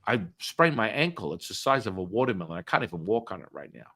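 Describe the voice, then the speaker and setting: A startled young woman speaks on the phone, as a male storyteller quotes her. She sounds hushed and a little lower than the narrator's own voice. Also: sing-song, quick pace, dry recording, exaggerated voice. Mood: amazed.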